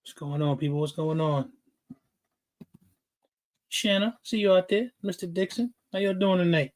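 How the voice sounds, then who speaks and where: A man's voice: high-pitched, normal speed, darkish tone. Man, livestream host, casual chat, greets viewers, fired up, laughs often.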